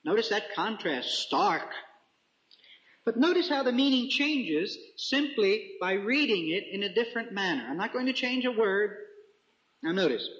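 A man preaching a Bible teaching sermon, reading scripture slowly and deliberately with careful emphasis. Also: high-pitched, expressive, a bit bright. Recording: echoey room, dull lo-fi sound.

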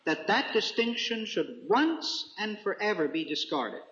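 A man preaching a Bible teaching sermon, reading scripture slowly and deliberately with careful emphasis. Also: high-pitched, big pitch swings, fairly bright tone. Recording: echoey room, dull lo-fi sound.

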